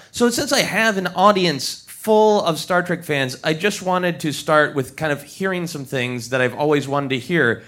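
A man's voice: a little high, a bit bright. A man hosting a live podcast on a theater stage in front of an audience, upbeat and jokey. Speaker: podcast host.

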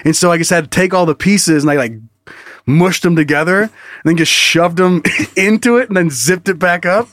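A man's voice: high voice, fairly bright tone, no echo, clean studio sound. A man co-hosting a comedy podcast, telling stories in casual, profane chat and laughing often. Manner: loose and profane, laughing often, quick bursts of story. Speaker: podcast co-host.

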